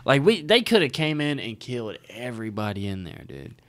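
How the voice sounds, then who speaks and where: A man's voice: medium pitch, very animated, brisk, no echo. Man from the Southern US, dry sound. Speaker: podcast co-host. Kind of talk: casual chat.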